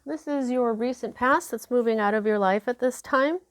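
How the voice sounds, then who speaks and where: A woman's voice: a little high, moderate pace, no echo. A woman giving a casual, chatty tarot reading with many fillers and asides. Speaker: tarot reader.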